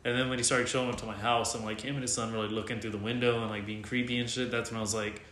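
Man, fast casual storytelling, animated quotes, roomy echo, faint background noise. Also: mid-range voice. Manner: animated retelling, swears freely, quotes others in voices.

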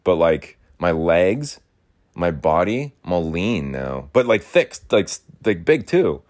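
A man's voice: low-pitched, big pitch swings, slow. A young man rambling and ranting in a casual monologue, repeating himself and swearing often as he moves around his home. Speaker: podcast host. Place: rural home, in and out of doors.

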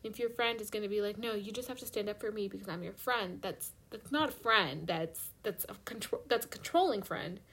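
A young woman co-hosting a podcast, chatting casually with lots of "like" and quick laughs. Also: mid-range voice, husky. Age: young adult. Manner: animated, lots of "like", giggly. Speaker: podcast co-host.

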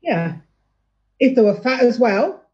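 A woman's voice: on the high side, big pitch swings, measured pace, warm tone. Plain-spoken woman on a muffled call. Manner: hesitant, plain-spoken, repeats herself. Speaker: guest. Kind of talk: casual discussion on a video call. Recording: muffled lo-fi video call audio.

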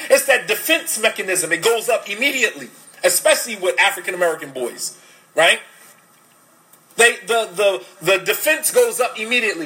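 A man's voice: sits high, big pitch swings, pushed and bright, poor audio. A man giving a religious lecture on parenting, emphatic and full of rhetorical questions. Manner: switches to fast Arabic recitation. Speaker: Islamic lecturer.

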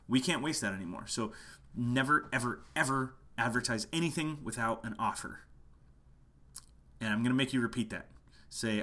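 This is a musician teaching online marketing in a casual talk to camera, passionate and repetitive, recorded at home late at night. His medium-pitched voice sounds pushed and bright, at a normal speed.

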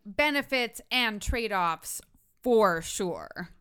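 A woman's voice: mid-range voice, lively intonation, very slow, fairly bright tone, smooth. A woman co-hosting a podcast in casual chat, speaking with a slight lisp. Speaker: podcast co-host.

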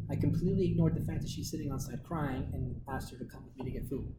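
A man's voice: medium pitch, fairly even intonation, quick pace. A man presenting to his team, explaining ideas in a casual, assertive way through worked examples. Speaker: presenter teaching a team meeting. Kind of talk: casual instructive talk. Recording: echoey room with loud background noise.

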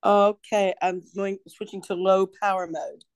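A woman's voice: medium pitch, a little slow, smooth, dry recording. An older woman telling stories in a casual chat over a video call, acting out the people she quotes. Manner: animated storyteller, acts out quoted voices. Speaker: podcast guest, host's mother.

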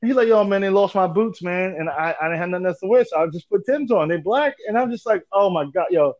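A man in his forties with a fairly high voice tells stories in a loose, animated way, laughing often and swearing without a second thought. The recording sounds dull and lo-fi, with a dry, close feel. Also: fast, no echo. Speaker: podcast host. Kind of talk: casual chat.

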